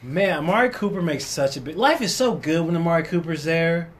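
A man hosting a casual sports podcast, laid-back and quick to laugh. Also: a little high. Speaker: podcast host.

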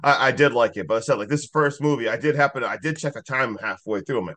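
A man's voice: mid-range voice, quick pace, a bit bright. A man with a mid-range voice talks loosely about a film on a video-call podcast. He rambles, circling back with fillers as he goes. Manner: rambling, lots of "like" and "I don't know". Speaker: podcast co-host. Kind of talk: casual movie discussion.

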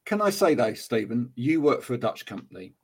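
A man hosting a casual podcast chat, animated and laughing as he acts out what other people say. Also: mid-range voice, a little fast, slightly rough. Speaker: podcast host.

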